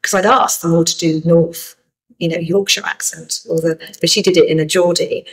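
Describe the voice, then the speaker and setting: A woman's voice: fairly low pitch, steady tone, moderate pace, breathy edge, poor audio. A middle-aged woman film director answering interview questions thoughtfully, with frequent restarts. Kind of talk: festival interview.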